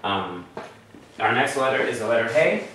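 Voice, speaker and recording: A man with a mid-range, sing-song voice, a bit bright and at normal speed, leads a Hebrew lesson. He patiently breaks things down step by step and checks in with his class, recorded distantly in an echoey room with faint noise.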